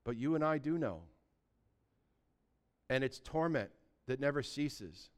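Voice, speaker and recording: Conversational preaching pastor, smooth voice. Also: male voice, mid-range voice, lively intonation, measured pace. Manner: conversational preaching, acts out little dialogues. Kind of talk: sermon.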